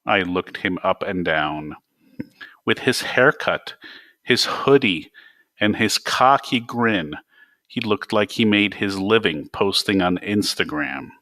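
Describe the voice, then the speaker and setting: A man's voice: deep voice, expressive, slow, pushed and bright, no echo. A man reading his own novel aloud in a dry, wry first-person voice.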